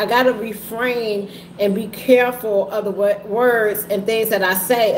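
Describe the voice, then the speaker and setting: A woman talking candidly to her viewers in a halting, heavy way, often repeating herself. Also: medium pitch. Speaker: vlogger and trucking business owner. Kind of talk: candid personal talk to viewers. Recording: echoey room with faint ambient noise.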